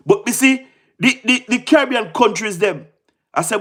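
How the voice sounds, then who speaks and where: High-voiced, excitable Jamaican man. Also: a little slow, pauses often. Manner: excitable, repeats himself, fires rhetorical questions, laughs often. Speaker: livestream political commentator. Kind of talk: casual livestream commentary.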